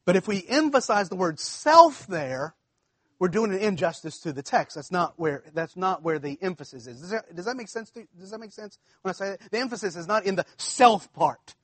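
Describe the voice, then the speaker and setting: A man's voice: high-pitched, lively intonation, fairly quick, a bit bright, slightly rough, no room sound. A man preaching a sermon in a conversational way, repeating himself and checking that the congregation follows. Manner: conversational preaching, repeats phrases, asks congregation if it makes sense. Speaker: pastor.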